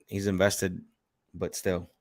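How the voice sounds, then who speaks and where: A man with a lowish voice chats casually on a video call as a real estate investor on a practice panel. He is laid-back and agreeable, and keeps calling the others bro. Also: monotone, takes it slowly, darkish tone. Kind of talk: casual chat.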